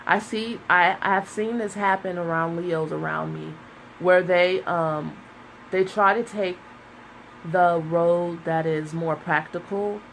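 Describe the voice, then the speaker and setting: Woman tarot reader, low voice, tearful and hesitant, faint hiss behind. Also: fairly even intonation, slow pace, gravelly, poor audio. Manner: emotional, searching, with many fillers. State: close to tears. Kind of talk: casual tarot reading.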